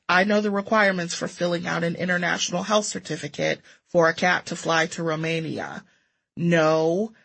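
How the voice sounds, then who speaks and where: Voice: mid-range voice, creaky, fairly bright tone, breathy edge, no room sound, rough recording. A narrator reading a personal essay aloud with a dry, sardonic manner.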